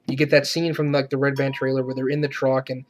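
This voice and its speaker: A man's voice: medium pitch, level tone, fast talker. A man giving a profane, sarcastic movie rant, swearing often and laughing ironically. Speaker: movie reviewer.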